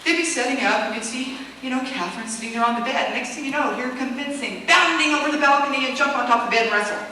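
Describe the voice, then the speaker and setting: A woman at a convention Q&A telling set stories in a casual, animated way, laughing often and acting out quotes. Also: sits high, fast. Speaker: convention guest speaker. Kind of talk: casual storytelling Q&A. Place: convention hall. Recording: echoey hall recorded from far off, noisy.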